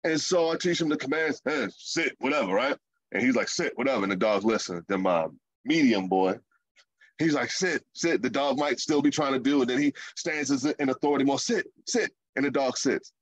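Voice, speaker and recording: A man preaching a sermon in a lively, conversational way, with playful asides. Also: mid-range voice, brisk, dry recording.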